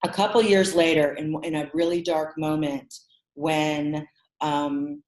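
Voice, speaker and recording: A middle-aged woman from the American Midwest, a podcast guest telling her career story in an animated, expressive way and acting out quotes. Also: low voice, a little slow. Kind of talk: conversational storytelling. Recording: roomy echo.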